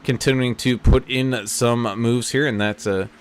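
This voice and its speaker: A man calls an online sim race, rattling off car numbers and moves as they happen. His voice sits at an ordinary middle pitch. A faint hiss of noise runs under it. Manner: rapid, energetic race calling with car numbers. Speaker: play-by-play announcer. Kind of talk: sim racing play-by-play commentary.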